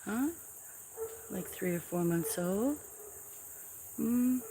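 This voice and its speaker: A woman hosting a casual farm livestream, softly chatting and cooing baby talk to cats, sometimes dropping to a whisper, on a camera mic. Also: medium pitch, lively intonation, drawn-out words, a little hiss or hum. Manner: soft-spoken, drifts into whispers.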